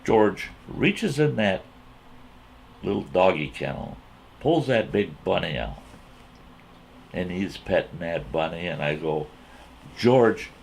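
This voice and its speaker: Male storyteller: low, slow, folksy campfire delivery with a repetitive, drawn-out manner. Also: creaky, slight background noise. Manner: drawn-out, repetitive, animated retelling.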